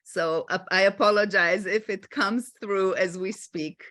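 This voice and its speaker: A middle-aged woman with an Israeli accent, moderating a panel discussion in a halting way with many fillers. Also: mid-range voice, steady tone, fairly bright tone.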